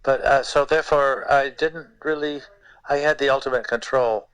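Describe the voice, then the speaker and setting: An older man, a guest puppeteer, telling stories in an interview in a halting way, repeating words and using many fillers. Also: mid-range voice, fairly even intonation, fairly bright tone, smooth, dry recording, low-quality recording. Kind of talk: anecdotal interview storytelling.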